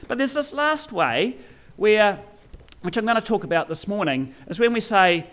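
A man's voice: high-pitched, expressive, moderate pace, a bit bright. A man giving a sermon to his congregation, joking with them and teasing people by name. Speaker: pastor.

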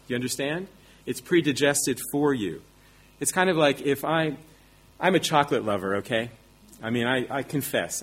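A man's voice: medium pitch, husky. A man preaching a sermon, teaching emphatically with rhetorical questions and self-deprecating asides.

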